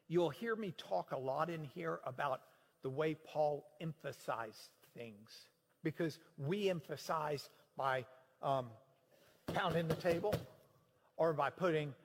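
A preacher man teaches scripture in an animated, emphatic way. His voice sits high and swings widely in pitch. The sound rings with a long hall reverb. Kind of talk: sermon-style Bible teaching.

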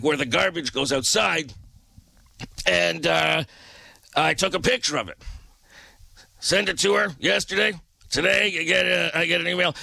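Male radio DJ, high and crackly, bright, dry studio sound, animated ranter. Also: creaky, no room sound. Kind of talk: casual radio talk.

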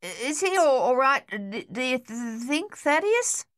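A man's voice: extremely high pitch, big pitch swings, a little slow, fairly bright tone, no room sound, studio quality, pitched above the performer's own voice, full character voice. A woman voicing an anxious young male soldier who stutters on the first sounds of words.

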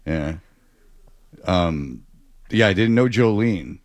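A man's voice: sits low, expressive, takes it slowly, no echo. A man chatting casually as a co-host, rambling and interrupting himself. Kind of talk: casual chat.

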